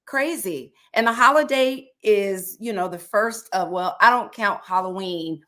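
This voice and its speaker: A woman's voice: mid-range voice, a little slow, pushed and bright. A middle-aged woman from the United States co-hosting a podcast in playful, bantering casual chat, laughing often. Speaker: podcast co-host.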